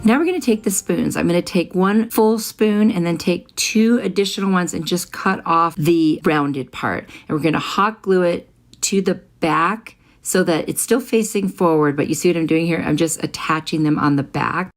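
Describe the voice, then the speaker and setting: A woman's voice: lowish voice, normal speed. Woman narrating a craft tutorial. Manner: friendly step-by-step explaining. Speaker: craft channel host.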